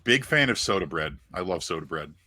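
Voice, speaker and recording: Male co-host, laid-back banter, lowish voice, dry studio sound. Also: fairly quick, dry recording. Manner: relaxed, opinionated banter, trails off and restarts. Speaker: podcast co-host. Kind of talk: casual sports podcast chat.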